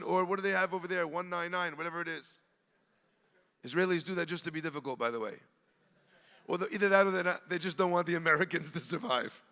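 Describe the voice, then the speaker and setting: A man, a rabbi, giving an impassioned storytelling speech at an event, rising at times to shouts. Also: sits high, quick pace, vocal fry, long reverb tail. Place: large event hall.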